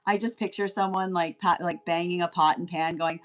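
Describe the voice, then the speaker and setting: A woman's voice: lowish voice, steady tone, a little fast. A woman giving a casual spoken tarot reading, rambling and often asking "right?" as she laughs along. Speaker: tarot reader.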